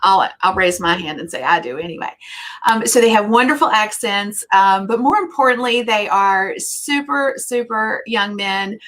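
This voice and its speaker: A woman's voice: mid-range voice, moderate pace, fairly bright tone. Chatty, effusive woman hosting a live show. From United States. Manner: chatty, filler-heavy, effusive. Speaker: host.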